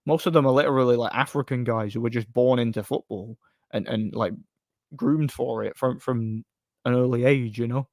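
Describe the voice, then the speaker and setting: Man, stream host, middle-pitched voice, blunt and rambling, dry sound. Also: fairly even intonation, moderate pace, no echo. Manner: blunt, opinionated, rambling with restarts. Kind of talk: casual stream talk, reading chat.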